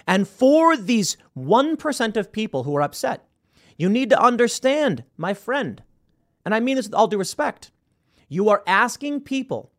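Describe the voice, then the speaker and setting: A man hosting a podcast, giving emphatic, argumentative opinion commentary and restarting his words as he goes. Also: high-pitched. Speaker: podcast host.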